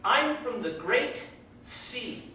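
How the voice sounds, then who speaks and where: A man's voice: very high voice, animated, extremely slow, pushed and bright, slight background noise, pitched above the performer's own voice, full character voice. A man voicing a cheerful, well-traveled female frog who amusedly reassures a doubting friend. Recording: echoey classroom, heard from far off.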